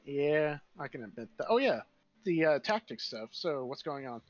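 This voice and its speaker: A man's voice: a little high, moderate pace, highs cut off. A man playing an eager young royal heir. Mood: excited. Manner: rambling, excitable, self-correcting.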